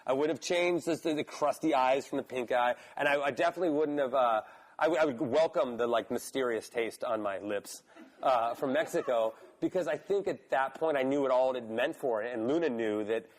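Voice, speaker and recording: A man in his forties telling a long story in casual speech, animated and prone to swearing, with many fillers. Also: mid-range voice, brisk. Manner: animated, swears, lots of "like" and "right?". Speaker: guest, pro BMX rider.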